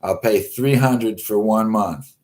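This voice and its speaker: A man's voice: fairly low pitch, takes it slowly, a little mellow, pitched above the performer's own voice. A man voicing a pushy woman fan who pleads and insists on getting a room. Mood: pleading.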